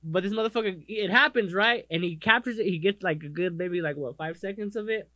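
Expressive, swearing podcast guy. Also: high voice, fairly quick, dry recording, studio quality. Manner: animated, swears a lot, acts out others' voices; self-described most expressive. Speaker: podcast co-host. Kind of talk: casual chat.

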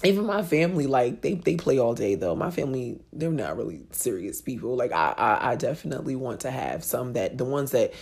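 Gravelly deep-voiced woman in her thirties. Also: very animated, fairly quick, hardly any pauses, a little mellow. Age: 30s. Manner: frank and profane, laughing easily. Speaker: podcast host. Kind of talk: candid personal storytelling.

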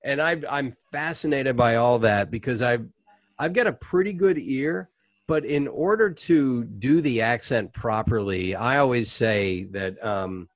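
A man's voice: medium pitch, measured pace, no room sound. Chatty middle-aged man telling stories. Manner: animated, chatty anecdotes with frequent fillers. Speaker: voice actor and comedian, guest. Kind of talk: casual interview storytelling.

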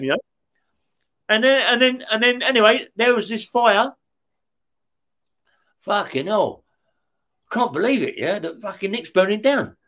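A high, slightly bright male voice belongs to a middle-aged interview guest who used to be a career criminal. He tells his stories with constant cursing, laughs as he goes, and checks in with "yeah?".

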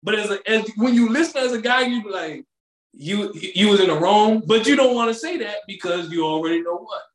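A man co-hosting a podcast, chatting casually with slangy, animated storytelling. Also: high-pitched, fast, echoey room. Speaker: podcast co-host. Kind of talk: casual chat.

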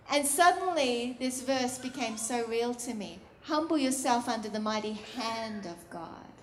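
A woman preaching a sermon in a soft, intimate, earnest way that often drops to a hush. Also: a little high, a little hiss or hum. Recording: roomy echo.

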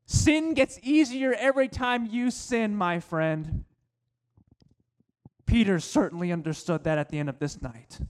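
A male pastor preaching a sermon, slowing down to stress key phrases. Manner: preaching with slowed, emphatic phrases and dropping to a low voice for quotes.

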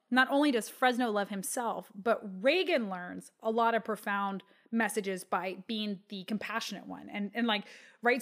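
A woman in her thirties with a Texan accent, speaking as an interview guest and telling a heartfelt personal story with lots of fillers. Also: mid-range voice. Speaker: guest, children's book author. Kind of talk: conversational interview.

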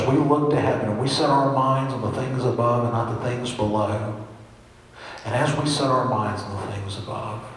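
A man's voice: fairly low pitch, far from the mic. A man preaching an earnest sermon as pastor, building up to emphatic peaks. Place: large echoey church hall. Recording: echoey hall with faint hiss.

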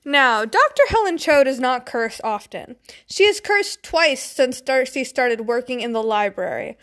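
A woman's voice: sits high, expressive, a little slow, a bit bright. A young woman casually reading a story aloud, breaking off into giggly, swearing asides. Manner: giggly, swears, chatty tangents. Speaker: fanfiction reader.

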